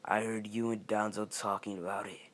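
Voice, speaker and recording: A man's voice: lowish voice, level tone, a little fast, a bit bright, a little hiss or hum, close to an everyday voice. A young man voicing a vengeful young male ninja turned evil, speaking in a cold, bitter, contemptuous way.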